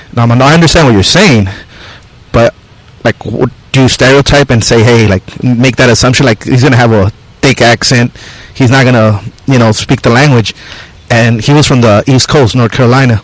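A man's voice: mid-range voice, brisk, no echo, low-quality recording. A man hosting a podcast, talking bluntly and casually with lots of "like" and "you know". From Mexican-American. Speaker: podcast host. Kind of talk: casual conversation.

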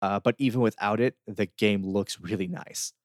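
A man's voice: fairly low pitch, steady tone, normal speed, no room sound, studio quality. A man co-hosting a casual game review chat, easygoing, with lots of fillers and laughter. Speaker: podcast co-host reviewing games.

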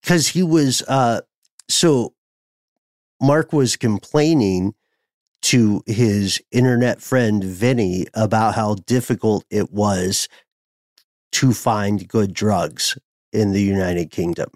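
A man with a fairly low voice tells a story to his co-host in casual podcast chat. He talks very slowly and pauses on uhs as he gathers his thoughts. The sound is dry and close. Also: darkish tone, dry recording. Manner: unhurried, hesitant with uhs.

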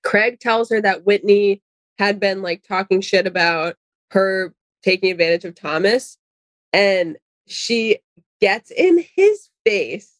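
A young woman co-hosting a casual chat, telling stories fast and casually with swearing. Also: medium pitch, animated, no room sound. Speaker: podcast co-host.

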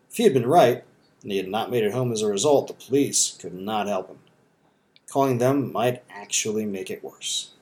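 Steady male audiobook narrator. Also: mid-range voice. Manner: steady, measured storytelling.

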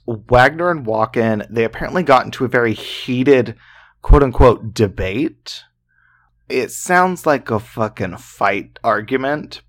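A man's voice: mid-range voice, a bit bright. A man co-hosting a podcast, telling a true-crime story in a loose, chatty way full of fillers and swearing. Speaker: podcast co-host.

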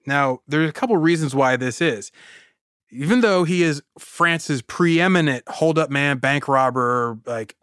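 A man hosting a podcast, telling a story in a casual, animated way with frequent laughs and lots of "like". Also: on the high side, measured pace, clear, resonant tone, dry recording, clean studio sound. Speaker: podcast host.

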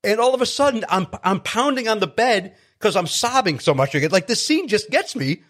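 Man, from Chicago, lively storytelling, slightly high voice, self-mocking. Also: normal speed. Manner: animated, self-deprecating, many restarts. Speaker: guest comedian. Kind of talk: casual storytelling.

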